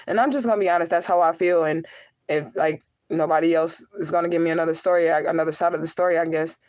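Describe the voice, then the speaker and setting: Woman, young adult, lowish voice, raw and confessional, swears, dry close mic. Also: darkish tone, no room sound, rough recording. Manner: raw, confessional, swearing, talks to her cat. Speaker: vlogger and spiritual reader. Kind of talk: emotional personal vlog.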